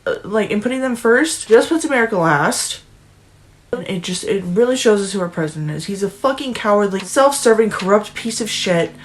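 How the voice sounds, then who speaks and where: Young woman vlogger, foul-mouthed and tearful, ranting hard. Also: medium pitch. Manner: profane, emotional, ranting, restarts often. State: near tears. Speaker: political commentary vlogger. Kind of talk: angry political rant vlog.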